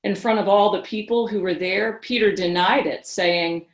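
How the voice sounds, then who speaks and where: A woman reading scripture passages in a measured, solemn way, in a church. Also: medium pitch, echoey room. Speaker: scripture reader.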